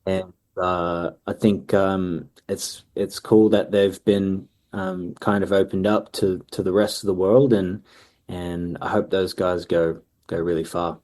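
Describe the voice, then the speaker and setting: A relaxed man in his thirties talks through his answers in an easygoing way. His voice sits low and mellow, with frequent pauses and ums. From Australia. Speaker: musician guest. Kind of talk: casual interview answers.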